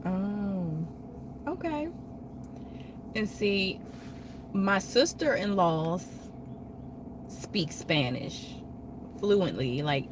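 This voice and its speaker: Slow-talking chatty woman on a livestream. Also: lowish voice, background noise. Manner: chatty, animated storytelling with quoted voices. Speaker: livestream host. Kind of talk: casual livestream chat with viewers.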